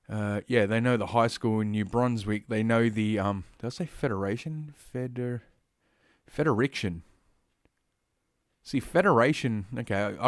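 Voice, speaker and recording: A man's voice: lowish voice, no room sound, clean studio sound. Rambling, sarcastic Australian man. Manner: rambling, profane, sarcastic, with frequent fillers and asides. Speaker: podcast host. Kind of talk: solo commentary reading news stories.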